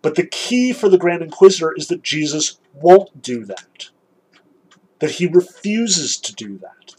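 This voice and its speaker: Man, casual lecturer, slightly high voice, chatty, animated, self-deprecating. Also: breathy edge, poor audio.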